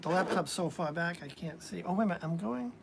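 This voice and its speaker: A woman's voice: fairly low pitch, lively intonation, quick pace, gravelly. A woman giving a casual live-stream tarot reading, chatty and hesitant, with frequent restarts. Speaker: tarot reader. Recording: faint background noise.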